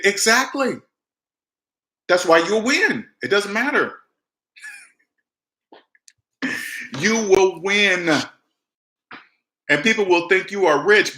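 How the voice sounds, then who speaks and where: A man giving emphatic personal finance advice straight to camera, mimicking people with big jumps in pitch. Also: lively intonation, normal speed, pauses often, sharp tone, roomy sound. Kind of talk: direct-to-camera advice talk.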